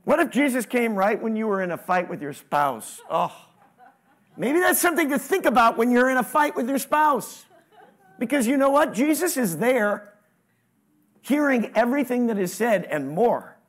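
A man with a high, light voice delivers a sermon. He preaches in an animated way, his voice jumping up and getting louder, and he keeps putting questions to the congregation. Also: normal speed. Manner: animated preaching, sudden rises in pitch and volume, asks the congregation questions. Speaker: pastor.

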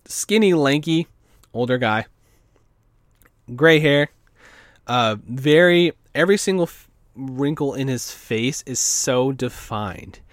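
A man's voice: medium pitch, lively intonation, takes it slowly, long pauses, no echo, clean studio sound. A man casually telling a story, rambling with lots of fillers and swearing. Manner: rambling, filler-heavy, profane.

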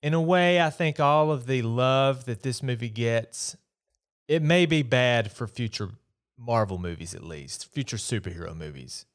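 A man's voice: medium pitch, normal speed. Guy podcasting solo, chatty, opinionated, kinda exasperated movie rant. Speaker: podcast host. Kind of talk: casual solo movie review.

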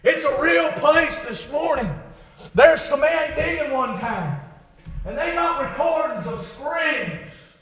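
A man preaching a fiery revival sermon, dropping to low murmurs and then rising into shouted, drawn-out cries. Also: animated, reverberant.

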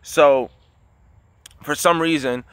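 Man, bright tone, dry close sound, rambling casual storytelling. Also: a little high, steady tone, takes it slowly, clear, resonant tone, no echo. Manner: rambling, many fillers and restarts. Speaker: dream teller.

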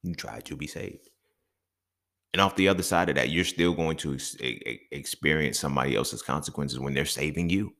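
A man with a bass voice, gravelly yet fairly bright, delivers a brisk, unscripted solo podcast monologue as its host. His talk is blunt and full of profanity, often building to emphatic rants, and he keeps checking in with the listener.

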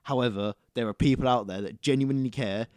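A man's voice: medium pitch, fast, a little mellow, smooth, no echo, clean studio sound. A young man co-hosting a casual podcast chat, talking bluntly and swearing freely, with emphatic repetition. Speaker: podcast co-host.

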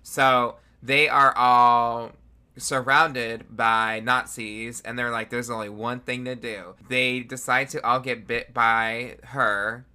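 Blunt man with a bright, tense voice. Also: mid-range voice, little pitch movement, slow pace, clean tone. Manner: blunt, matter-of-fact, corrects his co-host. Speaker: podcast co-host. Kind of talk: casual chat.

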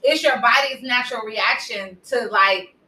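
A woman's voice: fairly high pitch, moderate pace, sharp tone, distant mic. A woman guest on a casual talk show, chatting frankly and laughing easily. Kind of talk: casual chat. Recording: roomy echo, faint noise.

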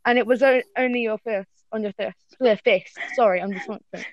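A woman's voice: a little high, a little fast, no echo, muffled recording. A woman reading fan fiction aloud to friends in a casual call, often stumbling and correcting herself.

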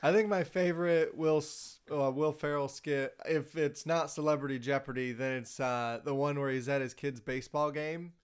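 A man with a smooth, clear voice pitched a little high, chatting loosely with friends. He teases, swears offhandedly, and gets animated recounting favorite sketches. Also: moderate pace, hardly any pauses. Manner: teasing, swears casually. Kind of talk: casual chat.

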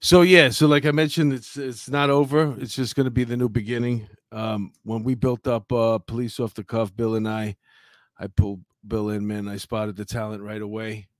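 Male co-host, relaxed rambling delivery, dry close recording. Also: mid-range voice, normal speed, no echo. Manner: easygoing, rambling with restarts. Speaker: podcast co-host. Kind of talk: casual live-stream chat.

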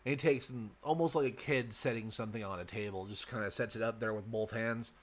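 A man's voice: on the low side, fast talker. A man narrating as game master in an online tabletop game, rambling with many fillers and self-corrections. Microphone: voice call.

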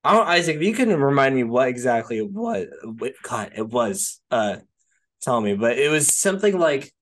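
A man's voice: mid-range voice, big pitch swings, normal speed. Rambling man in casual podcast chat. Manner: rambling, peppers speech with "like" and "right?"; swears casually. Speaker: podcast co-host. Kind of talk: casual film discussion.

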